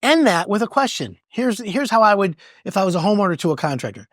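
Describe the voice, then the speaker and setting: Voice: medium pitch, sing-song, fast talker, few pauses, dry recording, studio quality. A podcast host giving casual, conversational advice on home improvement, often repeating words and acting out both sides of a conversation.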